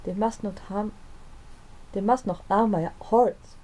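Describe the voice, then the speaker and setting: A woman voicing a frightened young woman in her early twenties with a light French accent, who speaks anxiously in a squeaky, wavering voice. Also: slow, mellow, poor audio. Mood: distraught. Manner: anxious, high-pitched and wavering.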